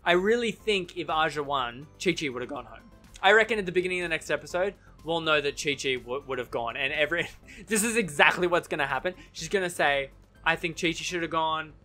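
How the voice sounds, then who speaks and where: Man, casual TV recap vlog, opinionated, bright voice, self-correcting, laughs easily. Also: on the high side, animated, fast, soft background music. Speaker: TV recap vlogger.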